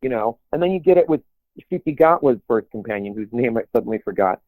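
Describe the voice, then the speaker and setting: A man's voice: mid-range voice, animated, fast talker, no echo. A man co-hosting a podcast in casual chat, rambling with many restarts and put-on quotes. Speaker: podcast co-host. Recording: tinny phone-like sound, dry.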